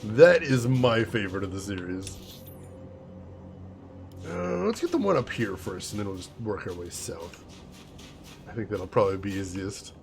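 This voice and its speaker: A man giving chatty, animated commentary while playing a video game, laughing often. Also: lowish voice, normal speed, creaky, long pauses, faint music behind. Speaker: gaming streamer. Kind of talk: casual let's-play commentary.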